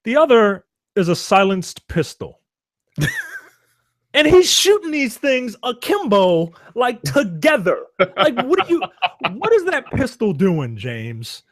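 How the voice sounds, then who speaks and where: A man's voice: extremely high pitch, huge pitch swings, takes it slowly, dry recording. A man co-hosting a podcast, trading wry jokes in a casual film discussion. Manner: wry joking asides, dry delivery. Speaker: podcast co-host.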